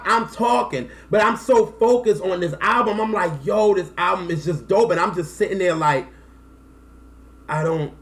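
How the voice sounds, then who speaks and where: Man, thirties, casual storytelling to camera, slangy, lively, emotional. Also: high-pitched. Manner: animated, acts out quotes, slangy. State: emotional, close to tears. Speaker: music vlogger.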